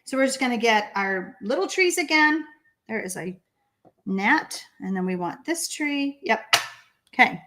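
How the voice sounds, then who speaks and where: In an unhurried way, a woman with a higher voice and a Texan accent guides viewers through a live card-making tutorial, excitable and talkative, reading their comments while she stamps.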